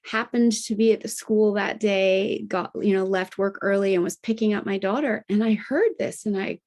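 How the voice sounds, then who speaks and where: A middle-aged woman recounting her family story in an easy, chatty way. Her voice sits at an ordinary middle pitch, and she keeps checking in with "right?" as she talks. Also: normal speed, darkish tone. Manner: conversational, often tags phrases with "you know" and "right?"; acts out remembered dialogue with lifted pitch. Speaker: guest, integrative health practitioner and health coach. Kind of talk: personal storytelling in a podcast interview.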